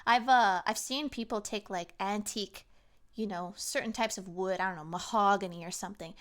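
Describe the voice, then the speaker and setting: A woman's voice: medium pitch, normal speed, fairly bright tone. A woman from Canada, a streamer ranting sarcastically in a casual chat stream from home.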